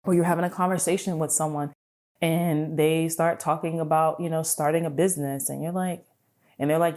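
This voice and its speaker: A woman hosting a podcast, giving an animated, casual motivational talk, swearing freely and checking in with "right?". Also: low-pitched, a little fast. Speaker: podcast host.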